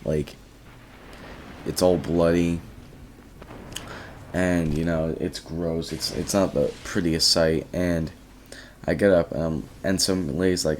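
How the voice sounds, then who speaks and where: A man's voice: extremely low pitch, steady tone, measured pace, slight background noise. A teenage boy casually telling a rambling story about his day, often quoting himself and restarting his sentences. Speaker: vlogger.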